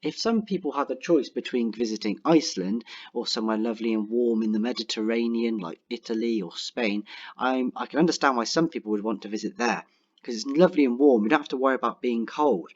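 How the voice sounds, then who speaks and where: A young man teaching a writing lesson online, talking clearly and encouragingly and slowing down to dictate example sentences. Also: mid-range voice, muffled recording. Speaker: primary school teacher.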